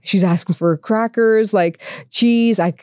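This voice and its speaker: A woman's voice: medium pitch, measured pace, darkish tone, no echo, studio quality. A woman podcast host in her thirties, telling family stories in casual conversation. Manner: chatty storytelling, acts out family voices.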